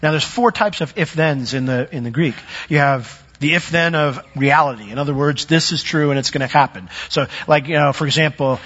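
Animated preacher man in an echoing hall. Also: a little high, brisk, hardly any pauses, breathy edge. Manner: animated, acts out quoted voices. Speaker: pastor. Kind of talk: sermon. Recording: echoey hall, dull lo-fi sound.

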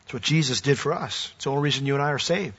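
Male pastor, bright ringing voice, earnest sermon delivery, dull lo-fi sound. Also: medium pitch, rapid-fire, breathy edge. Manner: earnest preaching, rising to emphatic declarations.

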